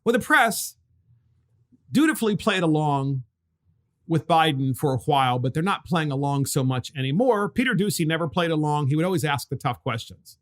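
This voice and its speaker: A man hosting a political podcast, talking in an animated, mocking way and laughing now and then. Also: a little high. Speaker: podcast host. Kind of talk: opinionated political commentary.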